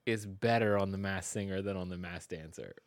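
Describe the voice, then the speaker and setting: A man's voice: sits low, fairly quick, no echo, studio quality. A man co-hosting a podcast in casual chat, teasing, playful and opinionated. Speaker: podcast co-host.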